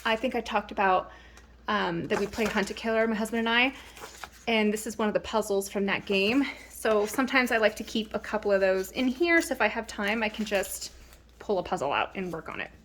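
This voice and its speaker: A woman in her thirties talks through her planner at home in a relaxed, rambling vlog style. She fills pauses with ums and restarts her sentences. A faint hiss sits under her mid-pitched voice. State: slightly out of breath. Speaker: planner vlogger. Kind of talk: casual show-and-tell vlog.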